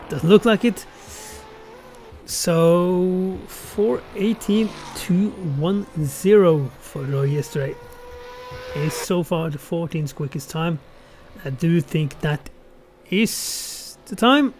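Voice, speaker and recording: Man, racing stream commentator, casual, self-correcting, talks through lap times aloud, slightly high voice. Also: slow pace, a little mellow, slight background noise. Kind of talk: live racing game commentary.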